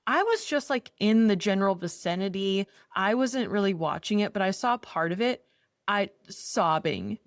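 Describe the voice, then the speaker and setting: This podcast co-host, a woman in her thirties, has a mid-range voice and speaks at normal speed, recorded in studio quality without echo. Chatting casually, she shares candid personal stories animatedly, poking fun at herself.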